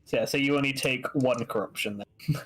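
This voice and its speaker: Guy running a tabletop session, laughs a lot, chatty, ordinary mid-range voice. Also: fairly bright tone. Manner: laughs often, puts on quick high demon voices. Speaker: game master. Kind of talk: narrating a tabletop game.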